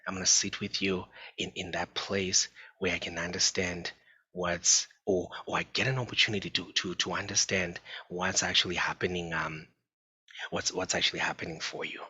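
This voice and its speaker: A man with a low voice that still sounds strikingly bright and forceful gives an informal parenting talk. His tone is husky, and he speaks earnestly, often repeating himself. The recording is dull and lo-fi. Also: flat delivery, moderate pace. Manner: earnest, repetitive, addresses listeners as folks. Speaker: psychologist giving a parenting talk. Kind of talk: informal presentation.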